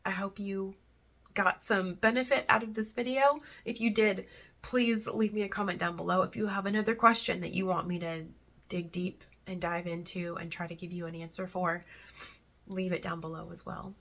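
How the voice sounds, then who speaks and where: Woman, faith vlogger, gravelly voice, husky tone, earnest, chatty and rambling. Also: medium pitch, fairly even intonation, normal speed, fairly bright tone. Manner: earnest and heartfelt, close to tears at times; chatty and rambling between thoughts. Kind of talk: casual faith talk to camera.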